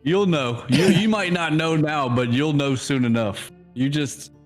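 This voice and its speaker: A man's voice: on the high side, measured pace, soft background music. A man playing a tabletop game, teasing in character and stumbling over his openings. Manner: playful, teasing, stammers at starts. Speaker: player. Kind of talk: in-character tabletop role-play.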